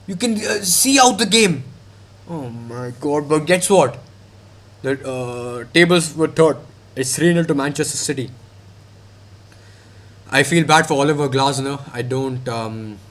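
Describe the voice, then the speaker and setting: A young man ranting in a heated, mocking, slangy way as he reacts to football. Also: fairly high pitch.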